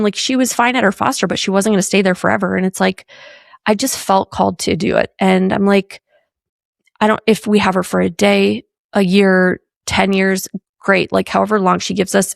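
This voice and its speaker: Woman host in her forties, heavy vocal fry, dry close sound, loose rambling chat. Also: mid-range voice, dry recording. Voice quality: gravelly. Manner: chatty, rambling, lots of "like" and "right?". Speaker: podcast host. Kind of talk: casual solo podcast chat.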